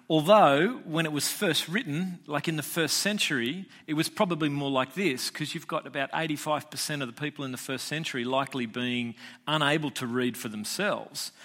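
A man's voice: mid-range voice, fairly bright tone. A man preaching a casual, chatty sermon as a pastor, joking with listeners and restarting phrases often.

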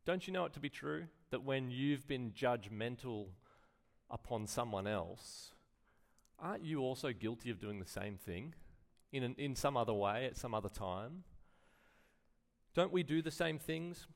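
A man's voice: mid-range voice, expressive, unhurried, vocal fry. A man preaching a sermon in a conversational way, full of rhetorical questions and acted-out quotes. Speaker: pastor.

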